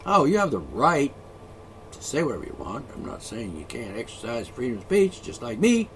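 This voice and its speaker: A ranting vlogger, alone and angry, swears freely and drips sarcasm as he mocks the people he's fed up with. His pitch swoops wildly all over the place while his speed stays normal. A faint hiss of noise runs under the recording.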